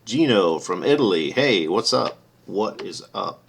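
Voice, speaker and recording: A man hosting his electronics channel, casually reading out visitor messages and reacting with amused, brief remarks in a husky voice. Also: measured pace. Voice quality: gravelly, husky low voice. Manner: relaxed, amused, reads names aloud and reacts briefly.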